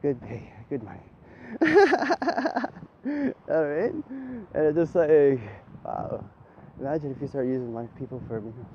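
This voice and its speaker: A man's voice: fairly high pitch, sing-song, slow pace, a little mellow, lo-fi sound, slight background noise. A man talking in a loose, rambling monologue, swearing freely and tagging his lines with "right?". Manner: rambling, profane, tags lines with "right?", laughs often.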